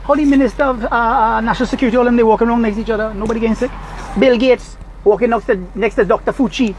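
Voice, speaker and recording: A man's voice: very high voice, steady tone, rapid-fire, slight background noise, rough recording. A Trinidadian man recording a heated, scolding rant from his parked car. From Trinidad and Tobago. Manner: agitated, preachy, scolding. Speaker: vlogger.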